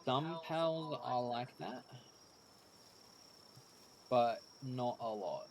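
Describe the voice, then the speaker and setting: A man's voice: medium pitch, extremely slow, gravelly, pauses often, darkish tone, slight background noise. A man streaming a game with his wife, laid-back and joking, laughing often. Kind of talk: casual gameplay chat.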